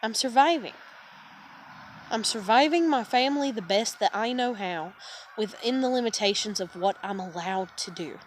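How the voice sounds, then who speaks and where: A woman's voice: medium pitch, normal speed, slight background noise. A woman in her thirties venting to her viewers in a frustrated, stressed vlog, swearing often and sighing wearily. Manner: swearing, exasperated, trailing off into weary sighs. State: upset and stressed. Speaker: vlogger. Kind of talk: frustrated personal vent to camera.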